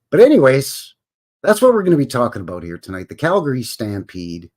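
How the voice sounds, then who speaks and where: This man, an Albertan with a Canadian accent, keeps up easygoing live-stream chatter, folksy and meandering, greeting people by name. His voice is mid-range with a fairly bright tone.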